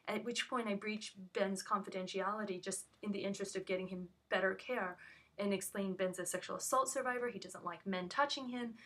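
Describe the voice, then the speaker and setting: A woman's voice: mid-range voice, steady tone, brisk, a bit bright. A woman giving an emotional first-hand account of an incident, speaking urgently with frequent restarts. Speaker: witness recounting an incident.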